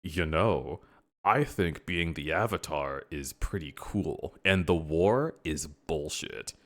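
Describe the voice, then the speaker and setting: A low, dismissive old uncle talks in flat, deadpan mockery, as a man puts him on. The parody is dry and offhand. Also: slow pace, full character voice.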